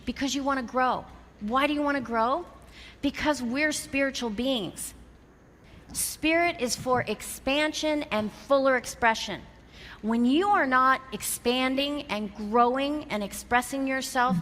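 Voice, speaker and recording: A woman giving an animated, story-driven motivational talk, acting out dialogue and landing emphatic lessons. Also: fairly high pitch. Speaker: motivational speaker. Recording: reverberant hall, faint background noise.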